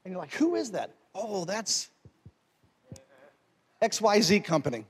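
A male pastor preaching a sermon, moving from conversational talk to forceful exhortation. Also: high-pitched, very animated, unhurried, long reverb tail.

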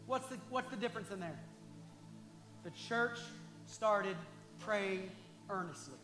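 A male pastor preaching a passionate sermon, at times rising to shouts and talking directly to the congregation. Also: high-pitched, measured pace, echoey room, soft background music.

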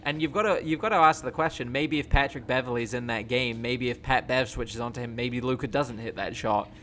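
A man in casual sports chat, talking in an excited, rambling way with many fillers. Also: mid-range voice, a little fast, a little hiss or hum.

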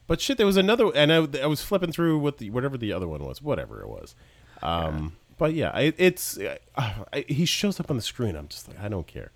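A man's voice: mid-range voice, huge pitch swings, fairly quick, dry recording. A man co-hosting a podcast, chatting casually in a rambling way with lots of restarts. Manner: rambling, self-interrupting storyteller. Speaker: podcast co-host. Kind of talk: casual chat.

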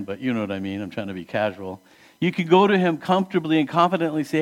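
A man preaching a sermon as pastor in an earnest, conversational way, asking the congregation questions and swinging between emphatic rises and hushed, quiet drops. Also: fairly high pitch, very animated, quick pace.

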